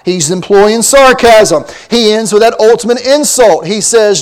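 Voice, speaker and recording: A man with a notably high voice preaches a sermon. He reads passages of old-fashioned scripture aloud, then explains them in plain, emphatic talk, asking his listeners rhetorical questions and repeating key points. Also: expressive, measured pace, hardly any pauses.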